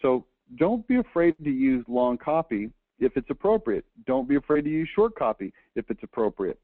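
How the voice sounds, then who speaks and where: A man's voice: medium pitch, big pitch swings, normal speed, dry recording. A man giving a conversational slide lecture, tagging his points with "okay?" and restarting words as he talks. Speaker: presenter reviewing a book. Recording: dry, phone-like lo-fi audio.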